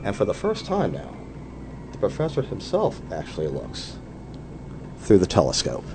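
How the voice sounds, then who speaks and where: A man's voice: low-pitched, wildly swooping pitch, normal speed, noisy background. A man speaking as a guest in a radio interview, telling anecdotes with lots of "you know" fillers.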